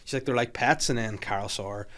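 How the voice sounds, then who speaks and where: A man, hosting a casual podcast chat and retelling scenes with lively acted-out voices. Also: medium pitch, fast. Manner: animated storyteller acting out scenes. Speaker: podcast host.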